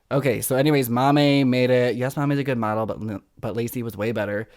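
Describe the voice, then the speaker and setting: A young man hosting a podcast, recapping reality shows in a casual, excitable and dramatic way. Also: medium pitch, fast, hardly any pauses. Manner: excitable, dramatic, acts out quotes. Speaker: podcast host.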